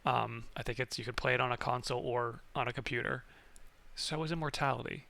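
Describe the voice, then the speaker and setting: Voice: mid-range voice, steady tone, brisk, vocal fry, sharp tone. A streamer in casual let's-play chat, reading glossary entries aloud and chatting about the game.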